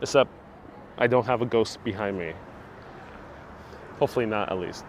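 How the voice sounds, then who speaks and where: A man's voice: on the low side, moderate pace, slight background noise. Chatty man hosting a street live stream. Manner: chatty, reads out and answers viewer comments, laughs often. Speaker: live-stream walking tour host. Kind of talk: casual live-stream chat. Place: city streets outdoors. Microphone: wireless clip-on mic with phone on gimbal.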